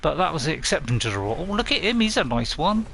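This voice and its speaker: A man streaming a game, talking in a loose, rambling and playful way. His pitch sits a touch high and bounces around a lot. The tone is bright, and there is a faint hiss behind him. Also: big pitch swings, fast talker, creaky. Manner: playful, rambling, laughs often. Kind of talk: casual live-stream chat.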